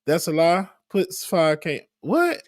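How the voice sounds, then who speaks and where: A man's voice: a little high, sing-song, takes it slowly, no room sound, studio quality. A man in a casual political chat, questioning and incredulous.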